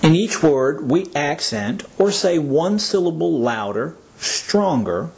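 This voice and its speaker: A man teaching English pronunciation in a slow, measured scripted lesson, repeating words for learners to echo. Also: on the high side, lively intonation, gravelly, a little mellow, breathy edge.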